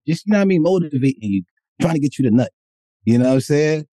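A man co-hosting a podcast, talking crudely and loudly, swearing and laughing as he jokes. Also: fairly high pitch, lively intonation, fast talker, no room sound. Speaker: podcast co-host. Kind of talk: crude casual chat.

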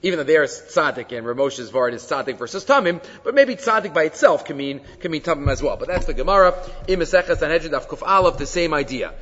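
A man teaching a Torah class as a rabbi, telling stories and explaining texts in a lively way. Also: fairly high pitch. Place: classroom with handouts. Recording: dull lo-fi recording in a reverberant hall.

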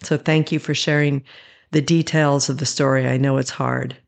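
A man hosting an interview, speaking in a gentle, sympathetic, measured way. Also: medium pitch, little pitch movement, vocal fry. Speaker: podcast host.

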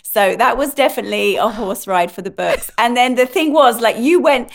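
A woman's voice: a little high, moderate pace, creaky. A woman guest on a podcast, chatting casually in an upbeat way.

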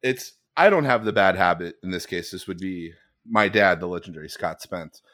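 Man telling a story with a lively voice. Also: sits low, moderate pace. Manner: storytelling, mimics voices in his anecdotes. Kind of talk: casual chat.

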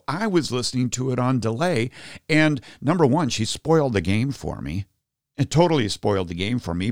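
Animated man giving a faith talk. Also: medium pitch, no echo, studio quality. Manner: animated storytelling, acts out his own shouts. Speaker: podcast host. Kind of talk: Catholic teaching talk.

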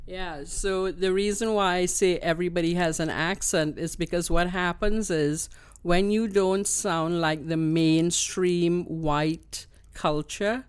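A woman with a Trinidadian accent, a guest explaining her views in an earnest, measured way. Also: on the low side, fairly even intonation, smooth, no room sound. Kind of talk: conversational interview.

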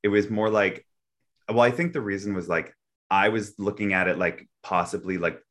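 Deep-voiced man telling a story casually. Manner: heavy use of filler "like"; expressive, swings between quiet and loud.

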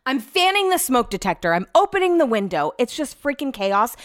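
A woman with a fairly high voice hosts a casual solo podcast from her home office, rambling through a rant and swearing freely. The sound is dry and close, with no room echo. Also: very animated, brisk, few pauses. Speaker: podcast host.

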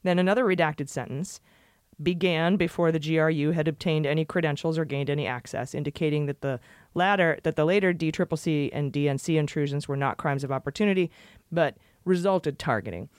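A woman's voice: deep voice, brisk, darkish tone, no room sound, studio quality. A woman hosting a podcast, reading through a report and making casual jokes about it. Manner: jokey, chatty, laughs often. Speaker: podcast host.

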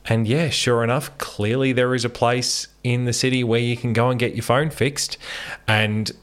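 A man's voice: mid-range voice, fairly even intonation, normal speed. A man chatting casually on a podcast, wry and self-deprecating as he talks about travel mishaps. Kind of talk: casual chat.

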